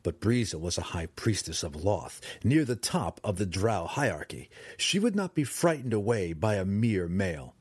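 A man narrating a fantasy audiobook in a dramatic, expressive reading style, close to the mic. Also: sits low, moderate pace, hardly any pauses, husky, dry recording.

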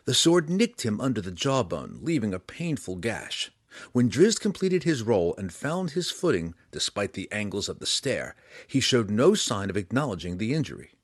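Give me a male audiobook narrator with a low voice reading fantasy dramatically. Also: sing-song, moderate pace, no room sound, clean studio sound. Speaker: audiobook reader.

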